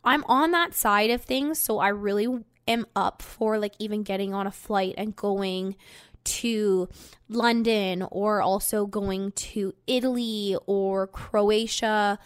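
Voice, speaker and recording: A woman's voice: medium pitch, steady tone, takes it slowly, clean tone, no room sound, studio quality. A young woman, a podcast host telling a story in casual chat, swearing freely and filling it with "like". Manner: chatty, swears freely, fillers of "like".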